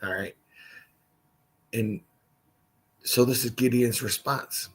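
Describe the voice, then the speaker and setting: A man's voice: medium pitch, steady tone, slow, slightly rough, rough recording. A man leading a casual livestreamed Bible study, reading scripture aloud and adding his own asides.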